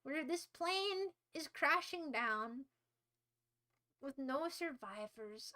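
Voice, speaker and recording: In a slow, expressive delivery, this young livestream host talks casually, playing up mock despair and teasing insults with melodramatic flair. Her voice sits high with a sharp tone.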